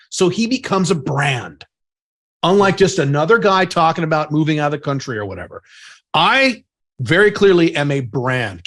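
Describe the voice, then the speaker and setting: A man's voice: on the high side, a bit bright. A man co-hosting a podcast in casual chat, talking bluntly and emphatically, with some profanity. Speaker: podcast co-host.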